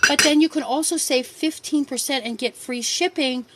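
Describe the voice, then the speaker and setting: A woman's voice: high voice, normal speed, background noise. A middle-aged woman hosting a casual live stream, answering viewer questions in a firm, direct way and repeating her key points for emphasis. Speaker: livestream host selling supplements.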